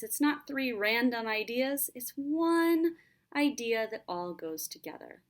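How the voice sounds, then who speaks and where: Slow, patient woman teacher. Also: high voice, expressive. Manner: slow, clear and patient, addressing students. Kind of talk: classroom lesson narration.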